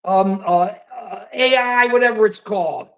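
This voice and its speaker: A man's voice: high voice, measured pace, vocal fry, fairly bright tone. American man, livestream host, casual rambling political chat, folksy slang. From United States.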